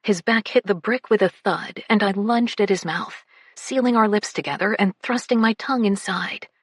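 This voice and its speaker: Breathy woman narrating a romance audiobook. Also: medium pitch, moderate pace, no echo, studio quality. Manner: breathy, dropping to whispers. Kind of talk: first-person romance narration.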